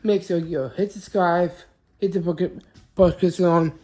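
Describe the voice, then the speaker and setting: Sitting high in pitch, the man's slightly mellow voice stays steady at a measured pace as he chats casually to camera. Like a typical vlogger, he rambles and often restarts or corrects himself mid-sentence.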